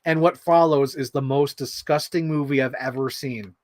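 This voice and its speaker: A man chatting casually while building an action figure, rambling and excitable, swearing freely and acting out quotes. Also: medium pitch, normal speed, no room sound. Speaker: toy unboxing vlogger.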